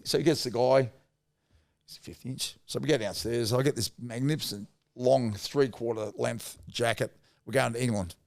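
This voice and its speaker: Podcast guest: middle-aged Australian man, gravelly mid-range voice, casual rambling yarns. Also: mid-range voice, moderate pace. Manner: blokey, rambling anecdotes with mild swearing. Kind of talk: casual storytelling.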